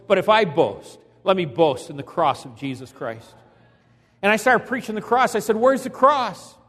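A man's voice: fairly high pitch, in a large hall. A man preaching a sermon, telling a story dramatically and acting out the quotes with emphasis. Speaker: evangelist preacher.

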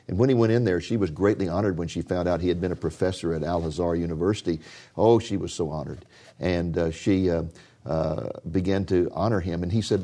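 A man's voice: low voice, warm tone. A male host of a talk show, telling stories to viewers in a folksy manner and steering the interview.

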